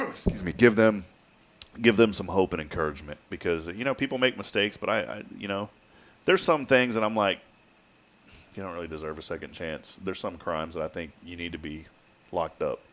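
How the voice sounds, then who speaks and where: A man's voice: low voice, animated, normal speed, a bit bright. A man hosting a casual morning talk show, easygoing and folksy, laughing often. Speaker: show host.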